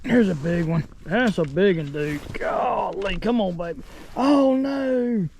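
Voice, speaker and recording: A middle-aged man, giving excited, folksy commentary while fishing from a boat outdoors. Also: sits high, slow pace, a little hiss or hum. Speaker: fishing vlogger.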